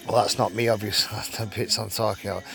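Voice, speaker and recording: Northern english bloke reading a crime story on his vlog, low voice, swears a lot. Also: level tone, fast, creaky, a bit bright, faint music behind. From England. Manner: blunt, swears freely, breaks off into commentary. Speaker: true crime vlogger. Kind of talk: reading an article aloud with casual asides.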